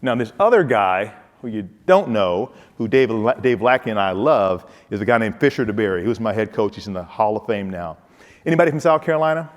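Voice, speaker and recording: A man's voice: lowish voice, animated, brisk, in a large hall. A man giving a humorous motivational speech, telling stories and talking straight to his audience. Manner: humorous, storytelling, addresses audience directly. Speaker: keynote speaker, former football player.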